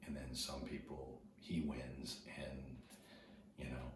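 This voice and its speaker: A man with an extremely deep, low voice talks to his viewers in a loose, earnest storytelling way. He often sinks to a hushed near-whisper and repeats his words. The recording is very echoey, and he sounds far from the mic. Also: level tone, takes it slowly. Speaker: video host. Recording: very echoey, distant from the mic, noisy ambience.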